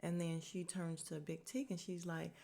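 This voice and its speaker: A woman's voice: lowish voice, level tone, moderate pace, creaky, dark tone. A woman hosting a podcast, recapping a TV episode in a chatty, frank way, laughing and swearing as she goes. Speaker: podcast host.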